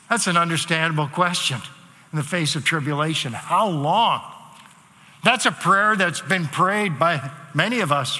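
A man's voice: sits high, bright, forceful tone. A male pastor preaching a sermon in a conversational way, rising into emphatic repeated cries. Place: church hall. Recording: long reverb of a large hall.

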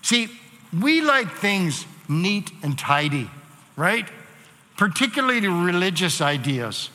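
In a church hall, a man preaches in a conversational style that climbs into emphatic cries said again and again. He speaks slowly in a high, sing-song voice with a bright, forceful tone. The big room gives the recording a long reverb.

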